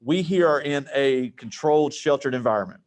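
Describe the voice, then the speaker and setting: A man's voice: mid-range voice, a little fast, darkish tone, dry recording. Earnest man hosting an interview. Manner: earnest, searching for words, fillers. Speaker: interviewer at a school. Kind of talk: casual interview.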